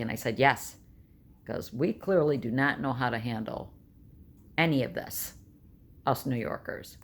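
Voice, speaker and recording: A woman's voice: a bass voice, a little slow, a little hiss or hum. A woman, telling stories in a blunt, chatty home vlog. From New York State. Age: 60s. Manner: chatty storyteller, blunt and emphatic. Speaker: vlogger. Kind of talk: casual vlog monologue.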